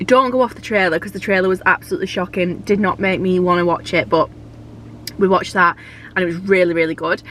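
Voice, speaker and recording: A woman's voice: on the low side, fairly even intonation, fast talker, a bit bright, a little hiss or hum. A young woman, heavily pregnant, chatting casually and gushing in a vlog, with the odd swear. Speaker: vlogger.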